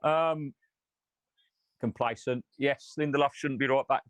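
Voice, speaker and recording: A man's voice: on the high side, brisk, no room sound. A man hosting a fan channel, reacting live after a match in a frustrated, sweary rant and reading out viewer comments.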